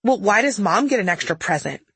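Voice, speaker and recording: A woman's voice: mid-range voice, lively intonation, a little fast, fairly bright tone, slightly rough, dry recording, exaggerated voice. A woman voicing her bratty adult sister with a snippy, taunting delivery in an audiobook memoir.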